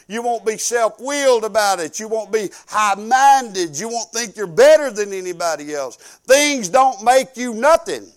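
Male preacher, middle-aged, high-pitched, folksy and rambling, loud then hushed. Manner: animated, swinging from loud to hushed; colloquial, rambling with restarts. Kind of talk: folksy storytelling sermon.

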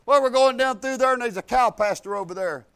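Older male pastor, high-pitched, folksy sermon with hushed asides and bold shouted points. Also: fairly quick, smooth. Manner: swings from soft asides to bold preaching shouts. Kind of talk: storytelling sermon.

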